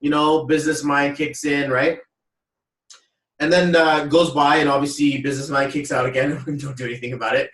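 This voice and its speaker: A man's voice: on the high side, a little fast. A man hosting a podcast, telling a personal story in casual chat and acting out what people said. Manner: animated storyteller who acts out quotes. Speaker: podcast host. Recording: roomy echo, voice a little far off mic.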